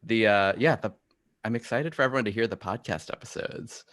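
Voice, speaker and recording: A man from the cast chatting casually on a livestream, with halting starts. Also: on the low side, a bit bright. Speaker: cast member of the show. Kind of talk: casual group chat on a livestream.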